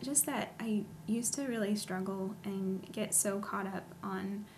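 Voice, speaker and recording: A soft-spoken woman shares her faith testimony in a flat, level voice. Her tone is sincere and earnest, with a faint hiss running behind her. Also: mid-range voice, a little slow, gravelly. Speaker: guest sharing testimony. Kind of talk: personal testimony.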